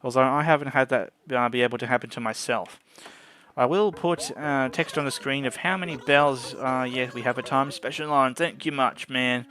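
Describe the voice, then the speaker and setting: A man's voice: medium pitch, steady tone, normal speed, bright, forceful tone. Chatty man narrating his gameplay. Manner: chatty, often trips over his words. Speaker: gameplay video host. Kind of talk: casual let's-play commentary. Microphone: desk microphone.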